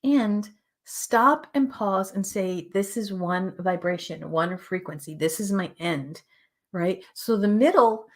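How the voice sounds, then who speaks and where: An earnest woman hosts a motivational spiritual talk, her voice sitting at an ordinary middle pitch. She speaks emphatically and repeats her phrases. At tender points she sinks into a soft whisper. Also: slow pace. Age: adult with children. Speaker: spiritual show host.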